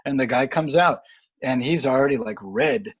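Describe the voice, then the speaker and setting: A man talking boxing in a casual podcast chat, rambling and halting with lots of fillers and restarts. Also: medium pitch, slightly rough, dull audio. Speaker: boxing analyst guest.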